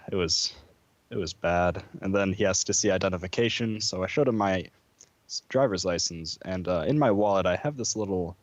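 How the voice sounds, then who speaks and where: A man from the United States, telling a story in casual chat, halting with many fillers and laughs, over a lo-fi voice call. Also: low voice, no room sound. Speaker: podcast guest.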